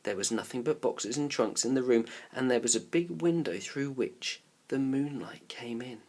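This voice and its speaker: A male teacher reading a children's novel aloud with expressive delivery, dropping to a whisper at tense moments. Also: medium pitch, normal speed.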